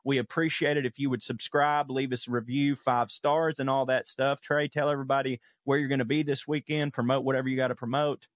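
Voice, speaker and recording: A man's voice: medium pitch, little pitch movement, fairly quick, hardly any pauses, no room sound. A man co-hosting a podcast, reading listener letters aloud in a loose, profane way with chuckles. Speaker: podcast co-host. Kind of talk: casual chat, reading listener mail.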